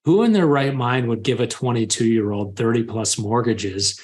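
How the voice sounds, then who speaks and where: A man in his thirties, a podcast guest, openly telling a personal story and getting animated as he retells scenes. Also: mid-range voice, normal speed. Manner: open, confessional, animated when retelling scenes. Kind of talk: candid storytelling.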